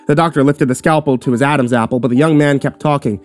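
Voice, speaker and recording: A man narrating a horror story in the first person with steady, dramatic delivery. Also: mid-range voice, fast talker, soft background music. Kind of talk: scripted narration.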